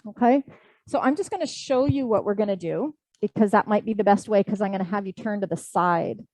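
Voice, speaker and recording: A woman yoga teacher leads a class with gentle, unhurried cues, her voice mellow and warm. The sound is close and dry, with little room around it. Her pitch sits in an ordinary middle range for a woman. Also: no room sound, rough recording. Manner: gentle, slow guiding cues with soft breathing sounds. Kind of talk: live class instruction. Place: indoor studio class, also streamed online.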